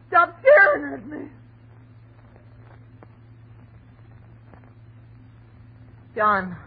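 An actress playing a scheming young wife in a vintage radio drama, with a shrill, theatrical delivery. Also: female voice. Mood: terrified. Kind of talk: 1940s radio acting. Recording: tinny old radio recording, faint hiss.

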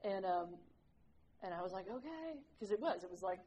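A woman's voice: on the low side, level tone, fairly quick, dark tone, slight background noise, low-quality recording. A woman sharing her recovery story with a group, candid and self-mocking, rambling with lots of "like"s. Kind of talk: personal recovery share to a group.

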